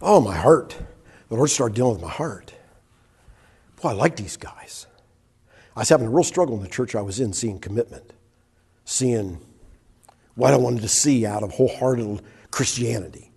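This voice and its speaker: An older man recounts a personal testimony in church, dramatizing the dialogue and poking fun at himself with laughter. His husky, medium-pitched voice is expressive and mellow, at normal speed.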